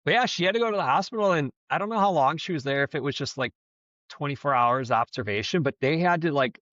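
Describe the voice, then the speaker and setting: A man's voice: fairly high pitch, animated, fast talker, a bit bright, no echo. A man co-hosting a podcast, telling a story in a rambling, profane, casual way. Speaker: podcast co-host. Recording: dull, slightly lo-fi dry sound.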